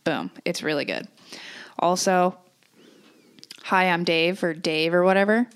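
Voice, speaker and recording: A woman's voice: on the low side, unhurried, smooth. A woman co-hosting a casual podcast, talking bluntly and swearing freely, getting heated when she rants. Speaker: podcast co-host. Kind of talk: casual chat.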